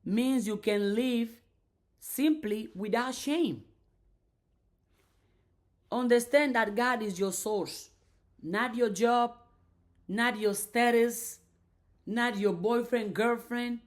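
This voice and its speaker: High-voiced woman preaching emphatically. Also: takes it slowly, pauses often. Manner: emphatic, repetitive, with restarts. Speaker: faith and mindset creator. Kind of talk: preachy motivational talk on a live stream.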